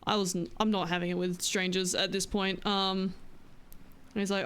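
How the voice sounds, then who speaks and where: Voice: mid-range voice, little pitch movement, normal speed, a bit bright, clean tone. A streamer chatting in character during a roleplay, laid-back, swearing freely and laughing often. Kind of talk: casual in-character roleplay chat.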